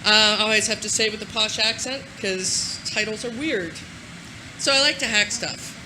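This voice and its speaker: A woman giving a casual, energetic conference talk to a live audience, swearing freely. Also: medium pitch, moderate pace, noisy background. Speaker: conference speaker.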